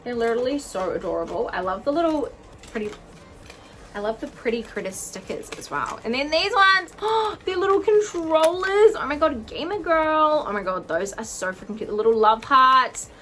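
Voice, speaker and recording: A young woman with a slightly high voice gushes her way through an unboxing, gasping and exclaiming at every little item. She talks into a camera mic at home, with a faint hum in the background. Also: expressive, fairly quick, sharp tone. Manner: gushing, gasping, lots of "oh my God". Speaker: vlogger. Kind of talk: excited unboxing vlog.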